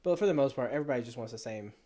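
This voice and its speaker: A man's voice: medium pitch, racing. A man hosting a podcast, chatting casually and agreeing often with short replies. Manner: relaxed, agreeing, with short backchannels. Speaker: podcast host.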